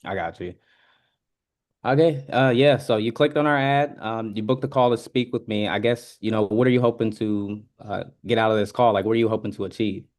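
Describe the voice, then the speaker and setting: A man's voice: lowish voice, steady tone, a little fast, darkish tone. A man practicing a sales opener on a video call, hesitant and often starting over. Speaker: sales trainee.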